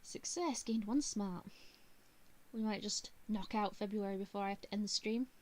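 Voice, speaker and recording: A woman streamer reading a visual novel aloud, with animated, chatty asides to her viewers. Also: mid-range voice, normal speed. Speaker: VTuber streamer.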